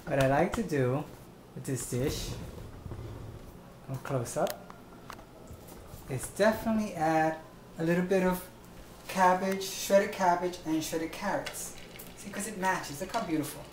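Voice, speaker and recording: A man's voice: sits high, measured pace, pauses often, roomy sound, noisy background. A man voicing a flamboyant drag diva who hosts a home cooking show, theatrical and gushing, calling everyone honey and darling. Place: home kitchen.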